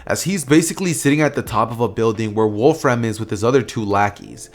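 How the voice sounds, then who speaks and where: A man's voice: medium pitch, fast talker. A man casually narrating a fan story, rambling with lots of fillers and restarts.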